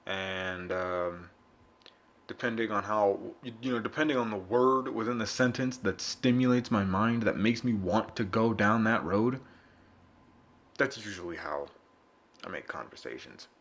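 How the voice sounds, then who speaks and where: A young man vlogging, telling a rambling, profane story in a casual monologue with sudden loud bursts. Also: fairly low pitch, a little slow.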